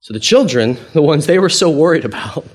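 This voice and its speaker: A man preaching a sermon as pastor, conversational and playful, acting out quoted dialogue with big swings in voice. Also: brisk. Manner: animated, acts out quoted dialogue with big pitch jumps; conversational, playful, chuckles often.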